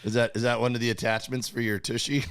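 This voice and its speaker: Man, comedy podcast host, smooth resonant voice, deadpan teasing, casual chat. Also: medium pitch, fast, no room sound, clean studio sound.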